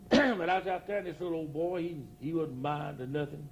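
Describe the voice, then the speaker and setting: An older country preacher tells rambling comic stories before a live audience at an outdoor church campground, laughing at his own jokes. His voice is on the high side at normal speed, with a slight hiss or hum.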